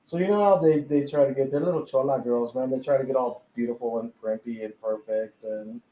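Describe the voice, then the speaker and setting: A man recounts something personal in a relaxed chat at a tattoo studio during a live podcast, cursing freely and laughing a lot. His mid-range voice comes a little fast through narrow, tinny audio, with roomy echo and faint background ambience.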